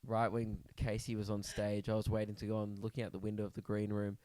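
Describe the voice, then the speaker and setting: A man's voice: lowish voice, completely flat delivery, fast talker, mellow. A young man co-hosting a casual podcast, trading dry jokes and banter from a small hotel room. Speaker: podcast co-host. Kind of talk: casual chat.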